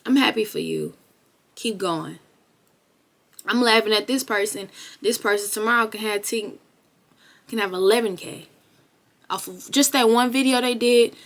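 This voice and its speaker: A woman's voice: mid-range voice, normal speed, creaky, pauses often. Blunt, profane young woman vlogger. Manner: animated, rising to loud bursts. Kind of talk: motivational talk to camera.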